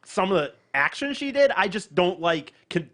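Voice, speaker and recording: Man, high voice, rambling, hedging, laughs often, casual podcast chat. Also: very animated, moderate pace, fairly bright tone. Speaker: podcast co-host.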